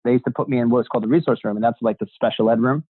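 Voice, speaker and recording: A man's voice: mid-range voice, steady tone, racing, breathy edge, no room sound. A man, a real estate agent as a guest, telling his story in a casual interview and acting out the voices of people he quotes, swearing freely. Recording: dry, tinny phone-like sound.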